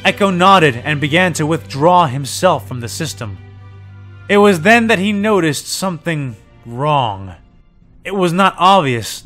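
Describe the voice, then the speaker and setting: A man reading a fan story aloud in steady, even narration. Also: a little high. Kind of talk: audiobook-style story reading.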